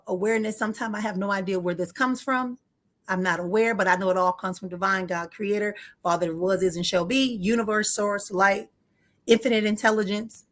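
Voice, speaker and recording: A woman's voice: medium pitch, a bit bright. A woman giving a live spiritual teaching, talking straight to her listeners in an emphatic way, repeating key phrases and picking up speed when she gets heated. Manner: addresses listeners directly and informally.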